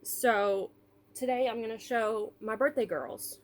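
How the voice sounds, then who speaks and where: A woman in her thirties telling a personal story in a vlog, tearful and apologetic, halting with fillers. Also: a little high. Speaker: doll collector vlogger.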